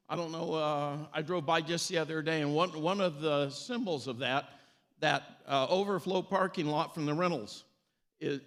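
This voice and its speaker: A man's voice: on the high side, a bit bright. A man who is a city mayor, giving a short, folksy, upbeat speech with frequent fillers and restarts.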